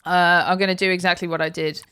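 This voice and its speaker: A woman's voice: lowish voice, level tone, quick pace, bright, forceful tone, smooth. A woman from England co-hosting a comedy podcast, dry and casual with swearing.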